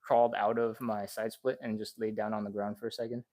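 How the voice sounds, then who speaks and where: A man leading a live stretching session, chatty and encouraging, talking fast and a little out of breath. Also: on the low side, flat delivery, darkish tone. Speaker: stretching instructor. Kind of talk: live-streamed workout coaching.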